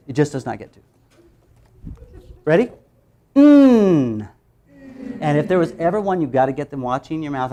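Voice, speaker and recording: Animated woman teaching phonics sounds. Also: very deep voice. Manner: animated, playful, demonstrates sounds aloud, laughs often. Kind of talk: workshop teaching demonstration.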